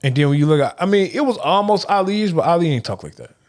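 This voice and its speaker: A man in his thirties co-hosting a podcast, insistent and animated, calling his friend "bro.". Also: fairly high pitch, fast. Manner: animated, argumentative, says "bro". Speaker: podcast co-host. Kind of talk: casual chat.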